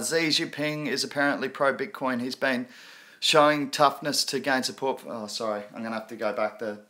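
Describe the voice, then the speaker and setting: A man's voice: medium pitch, pushed and bright. A man hosting a crypto live stream, chatting casually and in a rambling way, reading viewer comments aloud and laughing often.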